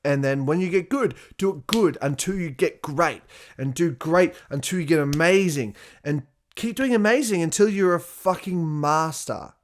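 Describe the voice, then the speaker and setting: A man's voice: a little high, normal speed. A man hosting a podcast, talking casually and profanely, telling stories with laughter and acting out his own past words. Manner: profane, animated storytelling with laughs and acted-out quotes. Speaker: podcast host. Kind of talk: casual solo podcast monologue.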